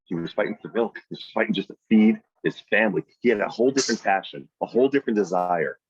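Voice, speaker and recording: A man leading a weekly team meeting over a video call, telling a story and giving an emphatic motivational talk that jumps to loud, high peaks. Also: animated, quick pace, breathy edge, lo-fi sound. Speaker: team leader running a weekly sales meeting. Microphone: video call microphone.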